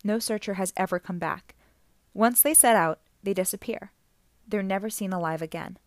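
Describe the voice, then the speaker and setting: A woman's voice: mid-range voice, moderate pace, no room sound. A woman narrating an audiobook chapter, reading the dialogue without separate character voices.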